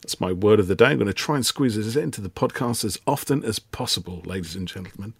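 A man's voice: lowish voice, lively intonation, fast, creaky, breathy edge, no echo. Joking British man, dry close sound. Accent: British English. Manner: joking, playful banter. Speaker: podcast co-host. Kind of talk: casual chat.

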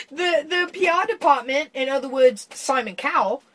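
A tipsy American woman chatting casually on a podcast, animated, swearing and laughing often. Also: extremely high pitch. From United States. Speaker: podcast co-host. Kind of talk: casual chat.

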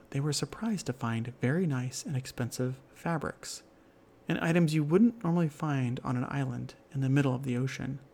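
A man narrating a children's fantasy story in a gentle, measured storybook delivery. His voice has a gravelly, creaky rasp, and his pitch sits in an ordinary middle register. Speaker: storyteller host.

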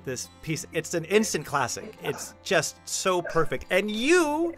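Man, podcast host, slightly high voice, effusive, playful teasing. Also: measured pace, a bit bright, soft background music. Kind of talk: casual interview chat.

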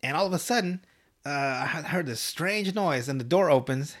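A man with a slightly raised voice tells a cartoon plot in loose, animated casual chat. He swears freely and laughs often. The mic sits close enough to catch his breathing. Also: fairly high pitch, moderate pace. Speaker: podcast host. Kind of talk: casual episode recap.

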